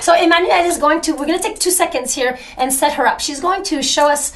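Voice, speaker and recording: A woman's voice: sits high, fast talker, a bit bright. A woman hosting a casual interview, encouraging and restating her guest's points. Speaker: interview host.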